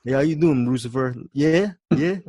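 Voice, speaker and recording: A man's voice: mid-range voice, normal speed, warm tone, no room sound, lightly acted. A man doing a chummy debt collector with a weird accent.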